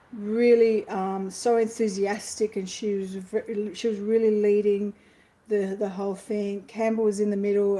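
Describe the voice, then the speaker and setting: An Australian woman chatting casually on a livestream, effusive and greeting viewers from the chat, her voice a bit worn and hoarse. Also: medium pitch, mellow, poor audio. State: losing her voice. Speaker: livestream host. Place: apartment, indoors.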